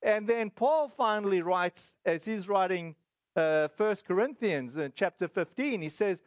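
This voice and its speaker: A man preaching a sermon in a conversational way, reading scripture and pausing often with fillers and restarts. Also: sits high, animated, no echo, highs cut off. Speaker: pastor.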